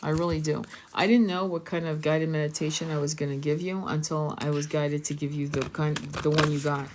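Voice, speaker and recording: A woman's voice: deep voice, little pitch movement, brisk, slight background noise. A woman hosting a live-streamed oracle reading, encouraging her viewers to share. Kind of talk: live-streamed spiritual session.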